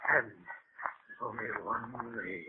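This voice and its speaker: An actor playing a man tormented by a voice in his head in a 1940s radio drama, speaking in a nervous, halting, frantic way. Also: fairly low pitch, narrow, tinny audio. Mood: haunted. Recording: scratchy old radio broadcast.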